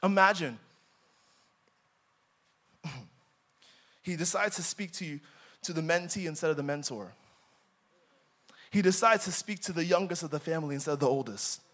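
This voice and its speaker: A young man preaching a sermon in church, dramatic, moving from loud emphatic lines to quiet asides. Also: on the high side, normal speed, pauses often.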